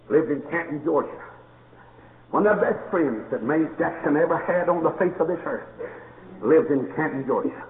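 A man preaching a sermon, telling stories and rising into shouted praise. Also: fairly high pitch, a little hiss or hum. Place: church. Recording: echoey hall, tinny lo-fi sound.

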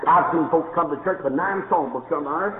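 A man preaching a sermon, telling stories and rising into shouted praise. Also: on the high side, brisk. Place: church. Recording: echoey hall, tinny lo-fi sound.

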